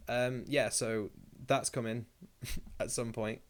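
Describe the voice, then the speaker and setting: A man's voice: medium pitch, flat delivery, slow pace, a little hiss or hum. A young man hosting a casual live stream. He reads viewer comments aloud and rambles through his replies with jokey asides.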